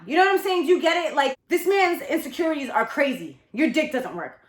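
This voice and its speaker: A woman in her thirties telling a candid storytime confession, animated, dramatic and blunt, with lots of profanity. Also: sits high, fast talker, few pauses, echoey room. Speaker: storytelling vlogger.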